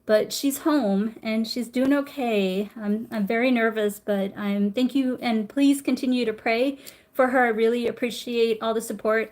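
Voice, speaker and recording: Middle-aged woman, slightly high voice, chatty live-stream acupressure lesson, greets viewers. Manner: warm, chatty, reads viewer comments aloud. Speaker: acupressure instructor.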